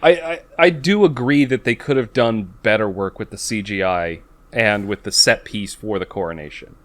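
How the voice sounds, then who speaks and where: A man co-hosting a podcast, talking casually in a rambling, self-interrupting way with quick laughs. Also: lowish voice. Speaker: podcast co-host. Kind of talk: casual chat.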